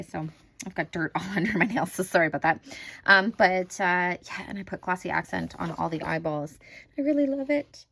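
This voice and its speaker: A woman's voice: lowish voice, sharp tone, rough recording. A woman, likely in her thirties, casually chatting at home about her finished coloring pages, self-critical and full of fillers. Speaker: crafting channel host.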